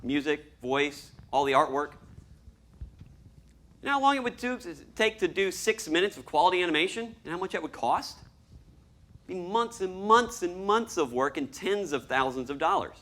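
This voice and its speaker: A man giving a lively talk to an audience as a storyboard artist, acting out scenes as he explains them. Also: high voice, normal speed. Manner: animated, acts out scenes and voices.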